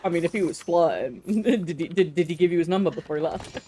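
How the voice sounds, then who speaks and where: Woman, streamer, casual gaming chat, crude jokes, giggly, lowish voice. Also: fast, mellow, a little hiss or hum. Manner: crude, giggly banter with frequent laughs.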